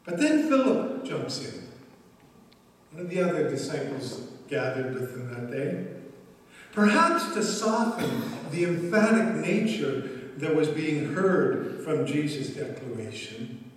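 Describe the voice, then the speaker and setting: Male pastor, slow deliberate sermon delivery, distant mic in a reverberant church sanctuary. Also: on the high side, sing-song. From Canada. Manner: slow, deliberate preaching with emphatic pauses.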